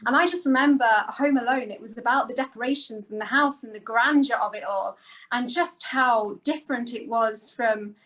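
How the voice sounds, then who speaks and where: A woman's voice: fairly high pitch, moderate pace, a bit bright, low-quality recording. Upbeat woman co-host talking to the audience. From outside the United States. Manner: enthusiastic, talks straight to the audience. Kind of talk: casual chat.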